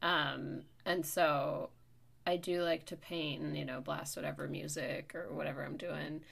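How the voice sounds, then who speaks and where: A woman podcast host telling a story in casual chat, getting louder and more worked up as she goes. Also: a little slow, gravelly, breathy edge. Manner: animated, gets louder and higher as the story heats up. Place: New York.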